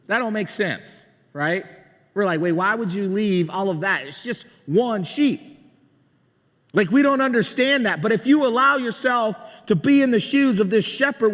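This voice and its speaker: A man's voice: high-pitched, fairly bright tone, big-room sound. A man preaching a sermon as a pastor, telling a story in a chatty, conversational way and asking the congregation questions. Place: church sanctuary.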